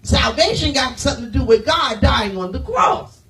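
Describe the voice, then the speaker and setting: A woman pastor preaching a sermon, firing rhetorical questions at the congregation and swinging from loud declarations to hushed, near-whispered lines. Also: high-pitched, animated, moderate pace, recorded from a distance, faint music behind, low-quality recording.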